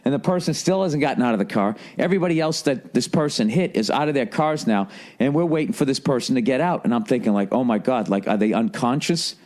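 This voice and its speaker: A man's voice: medium pitch, expressive, quick pace, darkish tone. A man streaming live, telling a rambling, profanity-laden story in casual chat. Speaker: livestreamer.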